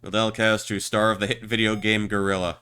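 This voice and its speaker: Stammering man with a bright voice. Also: lowish voice, flat delivery, fairly quick, smooth. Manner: rambling, stammering, crude jokes. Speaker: streamer. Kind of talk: casual gameplay chat.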